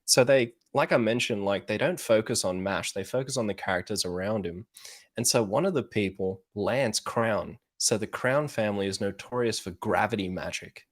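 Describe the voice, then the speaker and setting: A podcast co-host with a lowish voice talks at a moderate pace, casually retelling a show in loose fashion. He swears a lot and laughs often as he goes.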